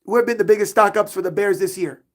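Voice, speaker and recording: A man's voice: high voice, fast. A middle-aged man hosting a live sports podcast stream, reading chat questions aloud and getting hyped up. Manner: animated, hypes himself up, reads chat questions aloud.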